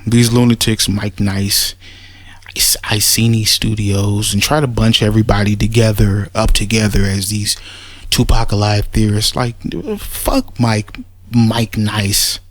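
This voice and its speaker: In a response video, a male commentator rants casually, blunt and profane, his low-ish voice showing little pitch movement. When heated he stumbles over halting restarts and repeats words, and there's no room sound at all.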